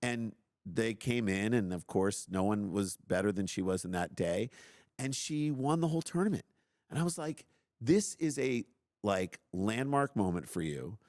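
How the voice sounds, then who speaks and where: Middle-aged man, very low voice, dry close mic, animated self-mocking storyteller. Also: normal speed, dry recording. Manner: animated, self-deprecating, acts out his own outbursts. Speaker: podcast host telling a story. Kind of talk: casual storytelling.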